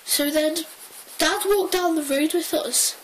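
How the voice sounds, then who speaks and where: A young woman tells a story in a high, unhurried voice. She rambles excitably, piles on fillers and restarts her sentences. A faint hiss sits behind her. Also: rough recording. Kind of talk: casual storytelling.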